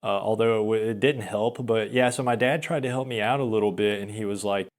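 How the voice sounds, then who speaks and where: A man's voice: lowish voice, fairly even intonation, a little fast, few pauses. A young man telling a long personal story in casual chat, rambling and self-deprecating, with frequent restarts and small laughs. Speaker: podcaster.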